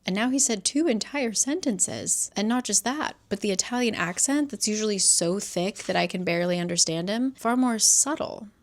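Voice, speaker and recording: A woman's voice: medium pitch, normal speed, few pauses. A young woman chatting casually about a thriller, reading passages aloud and acting out the characters' lines. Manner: chatty, animated, swears casually, acts out quotes. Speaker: book vlogger. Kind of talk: casual book reading vlog.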